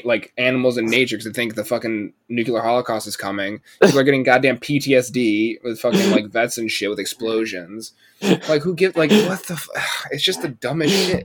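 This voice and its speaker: Podcast co-host, male, mid-pitched, a foul-mouthed sarcastic ranter in loose chat. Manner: profane, ranting, sarcastic.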